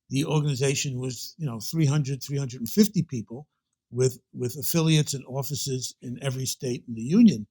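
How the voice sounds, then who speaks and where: A man's voice: mid-range voice, a little mellow. Older Brooklyn man telling rambling stories. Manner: rambling anecdotal storyteller with many restarts. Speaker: guest. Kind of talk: storytelling interview.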